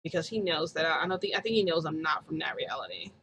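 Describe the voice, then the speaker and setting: A woman vlogger telling a story to her viewers in a chatty, animated way, acting out quoted dialogue. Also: sits low, fast, a little hiss or hum, low-quality recording.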